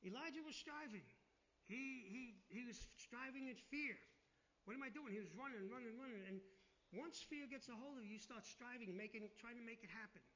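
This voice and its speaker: A man's voice: very high voice, a little fast, bright, forceful tone, muffled recording, a little hiss or hum. A man preaching a sermon, reading scripture aloud with rising emphasis and then explaining it in a conversational way.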